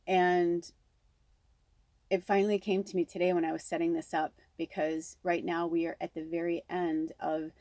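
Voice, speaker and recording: A woman's voice: lowish voice, little pitch movement, moderate pace, warm tone, no echo. A woman speaking as a spiritual medium, giving a casual, rambling reading full of "like" and "you know".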